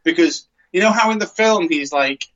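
A man talks in a loose, rambling way, often circling back and restarting his sentences. His voice sits a little high. The recording sounds dull and lo-fi. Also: moderate pace, fairly bright tone. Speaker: podcast co-host. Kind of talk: casual chat.

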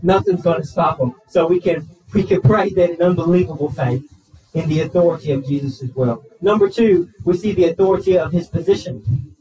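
A man's voice: fairly high pitch, a little fast, warm tone, recorded from a distance, rough recording. A man, a pastor preaching a sermon in a church, talking earnestly and often restarting and repeating words. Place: church sanctuary.

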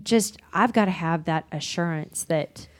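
A woman's voice: lowish voice, unhurried. A middle-aged woman who hosts the podcast and works as a counselor, speaking earnestly and emphatically. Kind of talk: casual podcast conversation.

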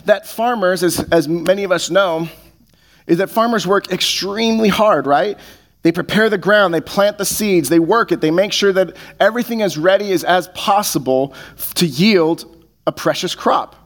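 Man, fairly high voice, pastor, sermon, earnest, restarts words. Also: normal speed.

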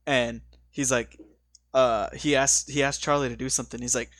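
A man's voice: medium pitch, fairly even intonation, normal speed, fairly bright tone, no room sound. Laid-back man, filler-heavy, dry mic. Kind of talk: casual storytelling chat.

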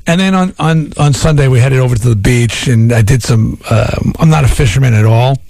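A man's voice: medium pitch, a little fast, vocal fry, a little mellow, no room sound, clean studio sound. A middle-aged man from Long Island, a radio host telling stories in a rambling way, full of restarts. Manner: rambling storyteller with many restarts. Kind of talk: casual talk radio chat.

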